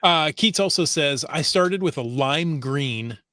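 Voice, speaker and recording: A man's voice: fairly high pitch, lively intonation, a little slow, bright, forceful tone, no room sound, clean studio sound. An easygoing man co-hosting a podcast, reading out listener comments and reminiscing in casual chat. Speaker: podcast co-host.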